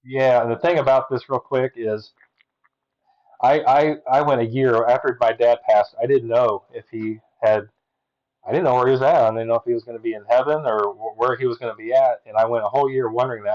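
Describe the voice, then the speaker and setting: A man's voice: mid-range voice, steady tone, fairly quick, a little mellow, muffled recording. A man as a podcast guest, earnestly telling a personal story, often restarting and acting out quotes.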